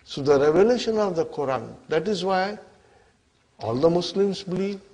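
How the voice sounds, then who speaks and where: A man teaching an Arabic grammar class, his voice on the higher side. He keeps quizzing his students and asks again and again whether they follow. He moves back and forth between English and Arabic as he explains. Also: animated, moderate pace, warm tone. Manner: questioning, checks understanding often.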